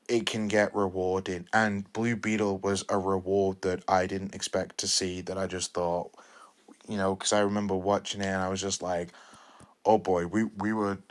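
A man's voice: sits low, little pitch movement, measured pace. A man in his twenties talking casually and enthusiastically as a podcast host reviewing a film, rambling with restarts and repeated words. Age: 20s.

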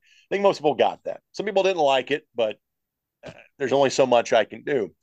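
A middle-aged man, a play-by-play broadcaster, talking at length in an even, matter-of-fact voice of middling pitch. The sound is dry and close, with no room in it. He slips into the lines he told callers without breaking his steady flow. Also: fast, no room sound, poor audio. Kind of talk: interview, telling stories.

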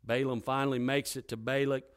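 A male preacher retelling a scripture story in a lively, dramatic sermon style. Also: medium pitch, brisk, smooth. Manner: lively, dramatic retelling with wide swings in loudness.

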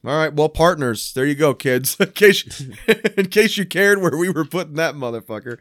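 A man's voice: a little high, moderate pace, no room sound. A man co-hosting a podcast in casual chat, swearing freely and retelling stories with acted-out voices. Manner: profane, animated storytelling with acted-out voices. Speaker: podcast co-host.

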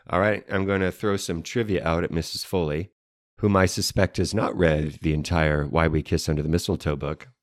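A man's voice: sits low, steady tone, normal speed, no room sound. A man co-hosting a casual podcast with his wife, dry and playful, explaining history with wordy flourishes. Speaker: podcast co-host.

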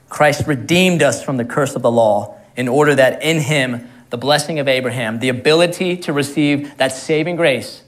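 A man's voice: mid-range voice, fairly bright tone. Man preaching a casual sermon. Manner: conversational, repeats words, laughs at own jokes. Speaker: pastor.

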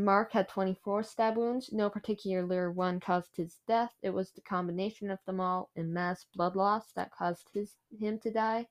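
A woman hosts a true crime podcast and recounts the case to a co-host. Her delivery is chatty and loose, with plenty of fillers. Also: medium pitch.

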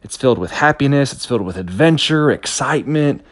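A man's voice: mid-range voice, animated, a little fast, dry recording. A man in his thirties giving a motivational talk, telling a personal story in an earnest, anecdotal way with frequent restarts.

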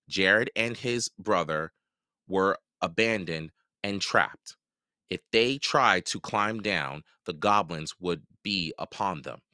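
A man hosting a podcast, reading a children's novel aloud in a lively, expressive way. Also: sits low, dry recording, studio quality. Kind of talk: storybook read-aloud narration.

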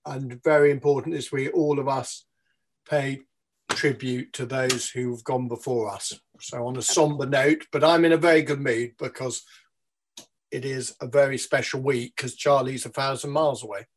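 A man's voice: medium pitch, fairly even intonation, moderate pace. A man on a video call chatting casually and wryly as a guest. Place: central London.

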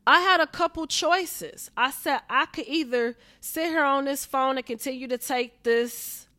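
A woman's voice: sits high, bright, forceful tone, no room sound. A woman, venting to her viewers in a heated, profane, repetitive way. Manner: heated, profane, repeats herself. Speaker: vlogger.

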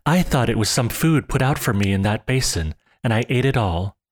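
A man voicing a small, timid female sparrow that gently begs forgiveness in a storybook reading. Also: medium pitch, lively intonation, moderate pace, close to an everyday voice. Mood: pleading. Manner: pleading, gentle.

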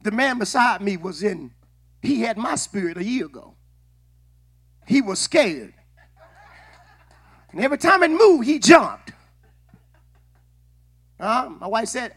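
High, bright-voiced preacher man. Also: big pitch swings, a little slow, pauses often. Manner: call-and-response preaching, shouting at peaks. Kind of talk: sermon.

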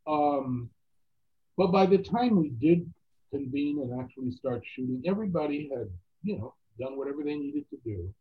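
A man telling stories as an actor guest in a casual interview, animated and quoting other people's voices. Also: fairly high pitch, moderate pace, breathy edge. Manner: animated anecdotes with quoted voices. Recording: tinny phone-like line.

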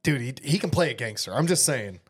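A man's voice: mid-range voice, expressive, fairly quick, slightly rough. A man co-hosting a podcast, swearing freely and laughing as he gushes about a movie in casual chat. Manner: profane, enthusiastic, laughs often. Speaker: podcast co-host.

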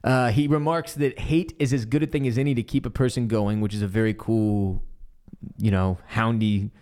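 A man co-hosting a podcast, casually recapping a TV episode with lively retelling and bits of swearing. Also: lowish voice, normal speed. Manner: animated retelling, acts out character quotes, swears casually. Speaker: podcast co-host.

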